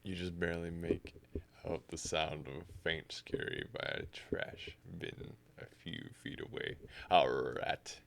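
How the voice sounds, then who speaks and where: A man's voice: low voice, flat delivery, unhurried, creaky, a bit bright. A man streaming live, reading a text game aloud in the second person and reacting as he goes.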